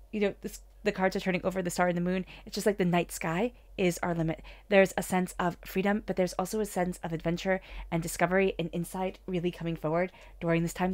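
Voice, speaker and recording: A woman doing a tarot reading in a soft, soothing, upbeat manner. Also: on the low side. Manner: soft, soothing and upbeat, with whispered meditation passages. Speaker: tarot reader.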